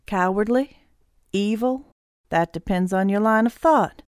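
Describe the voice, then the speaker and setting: A woman's voice: mid-range voice, normal speed, clear, resonant tone, no room sound, studio quality, close to an everyday voice. A woman reading an audiobook voices a ruthless, scheming male killer who talks in a cold, gloating way. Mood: resentful.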